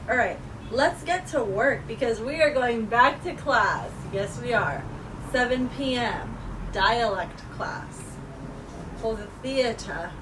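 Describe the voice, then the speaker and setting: A woman talking casually to the camera in a vlog, relaxed and chatty, trying to enunciate clearly. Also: mid-range voice, distant mic, background noise. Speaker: vlogger.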